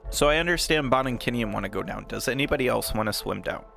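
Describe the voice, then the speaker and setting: A man's voice: mid-range voice, quick pace, creaky, a bit bright, faint music behind. A man narrating a tabletop game as dungeon master, casual and laughing often, with many fillers.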